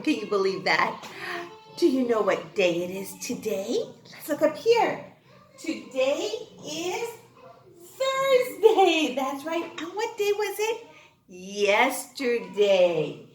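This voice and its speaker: A kindergarten teacher speaks in a high, very lively voice that swoops up and down. She takes her time, answering her own questions and cheering the children on. Her voice rings out in an echoey room. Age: adult. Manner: sing-song, asks questions and answers them herself; slow, clear and encouraging. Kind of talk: online class lesson.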